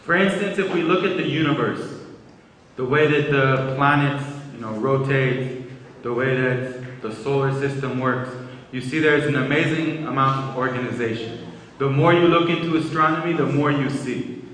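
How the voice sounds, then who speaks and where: A man's voice: medium pitch, fairly bright tone, a little hiss or hum. Man lecturing in an echoey hall. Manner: measured, explanatory, repeats words when restarting. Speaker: Islamic lecturer. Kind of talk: religious lecture. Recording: echoey hall, speaker far from mic.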